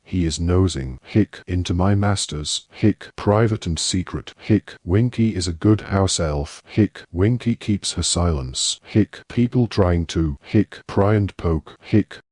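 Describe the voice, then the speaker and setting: A man's voice: deep voice, a little mellow, slightly rough, dry recording, clean studio sound, exaggerated voice. A man voicing a drunk, tearful female house elf who hiccups and halts between words. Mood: drunk sulky. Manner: hiccuping, halting, slurred.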